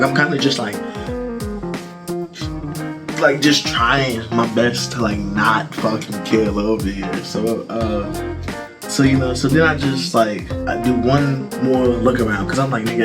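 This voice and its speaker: A man vlogger telling a casual storytime full of swearing, laughter and fillers. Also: medium pitch. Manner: rambling, profane, laughing, filler-heavy. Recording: background music behind voice.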